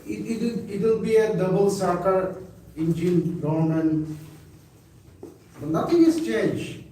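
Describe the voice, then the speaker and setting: A man giving a slow, emphatic statement at a press briefing, repeating words and pausing with fillers. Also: high-pitched, lively intonation, mellow. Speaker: party spokesperson at press briefing. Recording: echoey room, mic far off, faint hiss.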